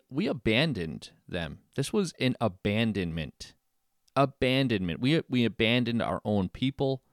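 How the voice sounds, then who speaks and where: A man hosts a political podcast in a low, smooth voice, close to a dry mic. He talks casually and stops and restarts, doubling words as he goes. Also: no room sound. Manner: halting, repeats words. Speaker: podcast host.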